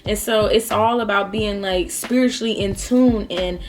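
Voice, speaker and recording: A mid-range voice at a moderate pace, with a little hiss or hum, belongs to a woman in her twenties eating and chatting for her vlog. The mukbang talk is casual, heartfelt and rambling, crowded with fillers, and she's near tears at times.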